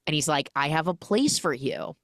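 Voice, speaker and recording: Podcast host, woman with a low voice, dry close sound, chatty recap that slips into character voices. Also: animated, fairly bright tone, dry recording. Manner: chatty, acts out characters' lines in quick voices. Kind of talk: animated film recap.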